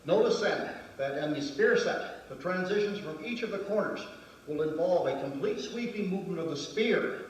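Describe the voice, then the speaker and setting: A man's voice: sits high, animated, normal speed, a little hiss or hum. A male martial arts instructor explaining moves step by step during a demonstration lesson, counting out the movements. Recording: very echoey room from far off.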